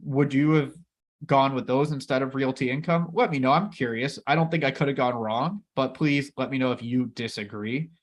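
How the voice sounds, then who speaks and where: A man's voice: medium pitch, moderate pace, slight background noise. A man co-hosting a casual investing chat, enthusiastic and talking straight to viewers. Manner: enthusiastic, addresses viewers as everybody. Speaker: co-host.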